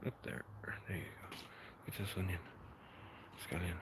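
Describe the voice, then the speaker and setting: A man with an Irish accent hosting a casual live gardening walkthrough, soft-spoken and mumbly, often half-whispering to his plants and insects. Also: deep voice, steady tone, moderate pace. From Ireland. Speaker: gardening livestream host. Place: outdoor vegetable garden. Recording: noisy outdoor livestream audio.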